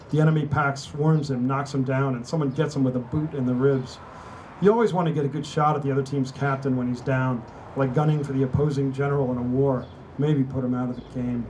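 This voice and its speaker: A man's voice: mid-range voice, a little mellow, slight background noise, poor audio. A man, an author, reading his novel aloud in a wry, conversational storytelling manner at a book party. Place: indoor venue at a book party.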